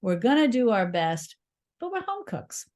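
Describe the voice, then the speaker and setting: Middle-aged woman telling lively stories. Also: a little high, unhurried. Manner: lively storytelling, laughs often; encouraging, reassuring. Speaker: cookbook author guest. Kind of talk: conversational interview.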